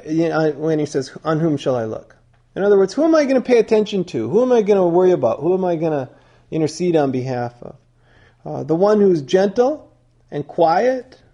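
A man teaching in a conversational sermon style, digressive, and pausing to quiz his listeners. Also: high-pitched, mellow.

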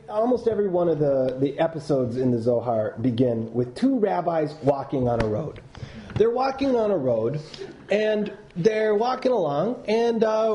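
A man teaching a class, telling stories in a loose, animated way with many restarts and reading passages aloud. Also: mid-range voice. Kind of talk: lecture with read-aloud passages.

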